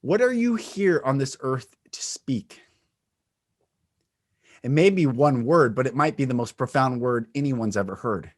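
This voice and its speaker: A man giving an earnest, inspirational spiritual talk. He shifts his pitch, volume and pace to show how a voice can change a message, and laughs lightly now and then. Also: animated, a little slow. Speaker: speaker and retreat leader.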